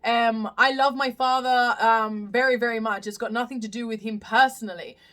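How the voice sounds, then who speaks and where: A woman's voice: fairly high pitch, fairly even intonation, moderate pace, fairly bright tone. A young woman from Australia hosting a casual live stream, chatting through viewer comments with lots of fillers and restarts. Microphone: phone live stream.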